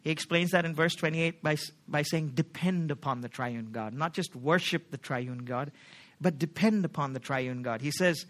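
A man's voice: a little high, normal speed, fairly bright tone. A man preaching a sermon as pastor, emphatic, often asking the congregation questions like "right?".

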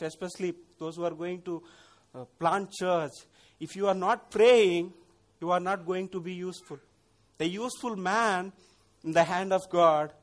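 Earnest high-voiced male preacher. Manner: earnest, emphatic preaching with pleading prayer passages. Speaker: pastor. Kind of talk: sermon.

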